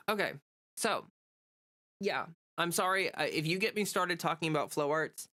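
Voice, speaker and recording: A woman's voice: on the low side, lively intonation, unhurried, fairly bright tone. A woman with a stuffy, nasal voice from a cold, rambling in casual livestream chat and reading viewer comments. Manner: rambling, chatty, many fillers. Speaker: livestreamer and content creator.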